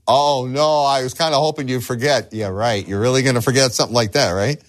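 A man preaching a sermon as a pastor, animated, acting out the voices of the figures in his story. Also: mid-range voice, a little fast, hardly any pauses. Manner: animated, acts out voices of the figures he tells about.

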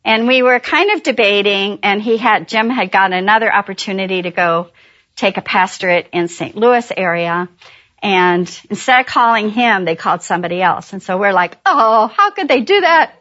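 A middle-aged woman and pastor's wife, telling a church audience about her ministry in a chatty, animated way and laughing at her own jokes. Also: medium pitch, moderate pace, highs cut off. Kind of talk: warm personal testimony talk.

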